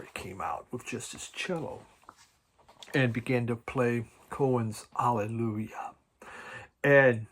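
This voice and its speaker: A man chatting casually about his record collection at home, halting and restarting often and chuckling now and then. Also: mid-range voice, fairly bright tone. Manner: halting, many restarts and repeated words. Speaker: vinyl record collecting vlogger. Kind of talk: casual rambling chat.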